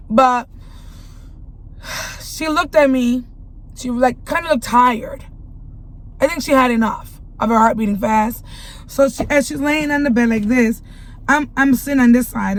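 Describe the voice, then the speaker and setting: A woman's voice: high voice, low-quality recording. A young mother speaking earnestly and emotionally to her viewers in a personal vlog testimony. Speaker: vlogger and mother.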